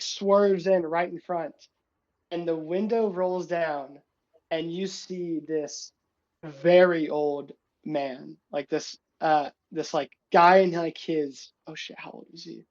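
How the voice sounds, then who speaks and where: A man's voice: a little high, darkish tone, muffled recording. A man narrating a tabletop game as game master, rambling casually with many fillers.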